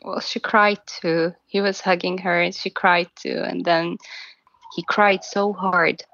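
A woman telling her own story in an interview, soft and halting, often restarting her sentences. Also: lowish voice, fairly even intonation, gravelly, no room sound, highs cut off. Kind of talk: personal account in a documentary interview.

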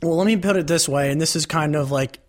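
A man's voice: fairly high pitch, fast. A young man in his late teens, speaking casually in an interview, chatty and full of "like" fillers.

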